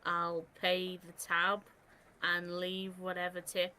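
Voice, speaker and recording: A woman's voice: lowish voice, monotone, slow pace, bright, forceful tone. A woman playing a tabletop game in character, wry and joking. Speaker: player.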